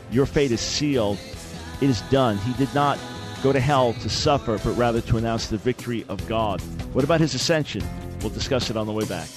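A man hosting a call-in radio talk show, answering listener questions in an earnest, explanatory and emphatic way. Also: medium pitch.

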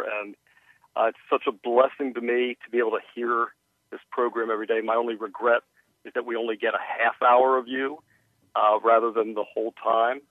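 A man's voice: mid-range voice, no echo. A man calling in to a radio show, speaking earnestly and encouragingly, with frequent uhs. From Maryland. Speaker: caller. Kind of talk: phone call to a radio show. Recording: tinny phone line.

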